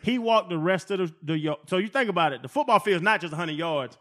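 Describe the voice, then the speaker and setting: A man in his forties, a former football player, telling profane, animated stories as a podcast guest. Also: high voice, fast talker. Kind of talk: casual storytelling.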